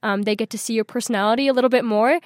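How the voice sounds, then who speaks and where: A woman's voice: on the high side, fairly even intonation, very fast, no room sound, studio quality. A woman in her twenties, a radio guest telling a story in a bubbly manner, laughing often. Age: 20s. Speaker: interview guest. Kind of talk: storytelling interview.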